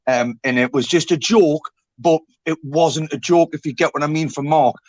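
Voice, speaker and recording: A man's voice: a little high, moderate pace, no room sound. Sweary, matey man on a dry line. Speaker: panel guest. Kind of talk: casual chat.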